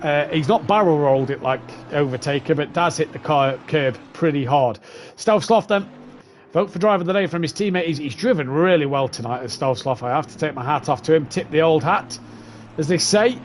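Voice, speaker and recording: A man with a fairly high voice commentates an online sim race, chatting easily and reeling off positions and time gaps. A faint hiss of noise sits behind him. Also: a little fast.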